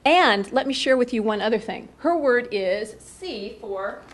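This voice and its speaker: A woman teacher running a lively workshop, coaxing the audience into playful call-and-response. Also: a little high, measured pace.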